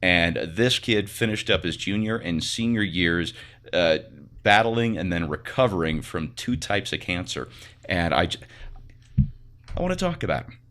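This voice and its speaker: A man's voice: deep voice, expressive, normal speed, fairly bright tone. A man co-hosting a casual planning meeting, earnest and a bit hesitant as he works out the running order. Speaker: co-host.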